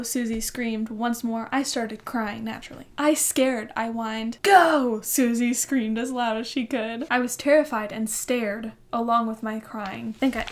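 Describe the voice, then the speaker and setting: A young woman in her twenties reading her childhood diary aloud, breaking in with wry, laughing asides. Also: a little high. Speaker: author and vlogger.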